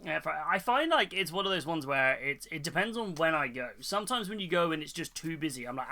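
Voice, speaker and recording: A man's voice: fairly high pitch, sing-song, moderate pace, creaky, pushed and bright. A man chatting casually on a live stream, rambling, reading out chat and telling corny jokes.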